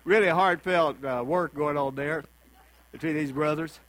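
A folksy male preacher delivering a sermon in a fairly high voice. He talks conversationally and slips into the voices of the people he quotes. The sound is dry and close, with a faint mains hum underneath. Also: moderate pace, fairly bright tone, dry recording, poor audio.

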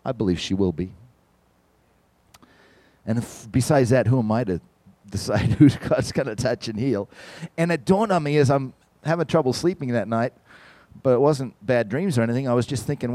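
A man preaches by telling a story, animated and direct, often turning to address the congregation. His voice sits mid-range and sounds dry and close. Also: medium pitch, normal speed, long pauses, no room sound. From from outside the United States. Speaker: visiting church musician and speaker. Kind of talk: sermon testimony storytelling.

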